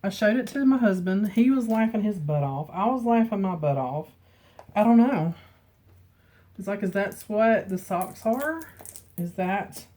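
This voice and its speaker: A middle-aged woman chatting casually on camera from her home, emotional and quick to laugh. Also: mid-range voice, expressive, dark tone. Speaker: beauty vlogger. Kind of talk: casual chat. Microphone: camera mic with ring light.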